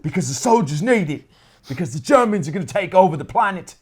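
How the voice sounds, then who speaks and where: A man's voice: high voice, lively intonation, fast talker, slightly rough, pitched above the performer's own voice. A man doing a mocking impression of an old British wartime prime minister, put on with a Cockney accent. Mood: agonized, pompous.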